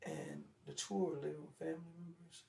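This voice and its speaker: Gravelly man telling a story from afar. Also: a little high, fairly quick. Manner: animated storytelling, loud and rising when retelling anger. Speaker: interview guest. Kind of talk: casual storytelling interview. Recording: echoey room, far from mic, faint ambience.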